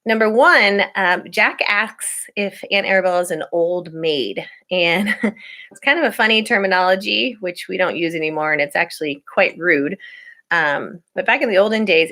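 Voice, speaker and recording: A woman teacher with a bright, clear-edged voice reads a chapter book aloud to her class, dipping into hushed and lively story moments. Afterwards she slips into a relaxed, chatty tone full of little fillers as she goes over reminders from home. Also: fairly low pitch, normal speed. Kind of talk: reading a novel aloud to students, then class announcements.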